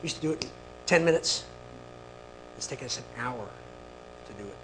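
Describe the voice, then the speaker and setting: A man telling a personal story to an audience, animated, with quick asides to the listeners. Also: medium pitch, slight background noise, rough recording. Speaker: speaker.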